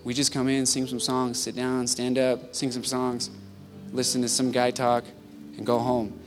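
Guy pastor preaching in a church, earnest, gets loud and pleading then drops quiet, faint music under him. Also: mid-range voice, completely flat delivery, normal speed. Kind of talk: sermon. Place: church sanctuary.

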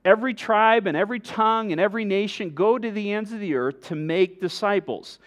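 A man preaching from the pulpit with an earnest, emphatic delivery. His voice sits high for a man, and he lets his points land with measured pauses. He sounds middle-aged. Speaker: pastor. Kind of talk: sermon.

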